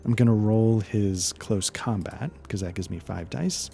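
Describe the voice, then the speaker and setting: Low-voiced man running a tabletop game. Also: unhurried, vocal fry, faint music behind. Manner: relaxed, hesitant narration with many fillers. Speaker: game master.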